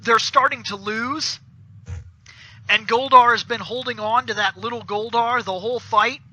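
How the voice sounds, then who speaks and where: A man co-hosting a casual podcast on a video call, telling a story in an animated way with casual swearing. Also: very high-pitched, normal speed, poor audio. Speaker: podcast co-host. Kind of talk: casual chat.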